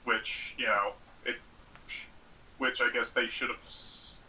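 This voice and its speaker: A man's voice: mid-range voice, flat delivery, slow, sharp tone, a little hiss or hum, poor audio. A man in casual podcast chat, speaking hesitantly with frequent fillers. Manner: hesitant, full of fillers and restarts. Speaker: podcast guest.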